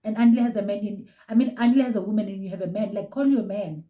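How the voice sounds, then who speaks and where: A young South African woman gushes about a reality show from a room at home, chatting casually and switching between languages. Her mid-range voice races along very fast, but she sits far from the mic, so the audio sounds dull with a roomy echo.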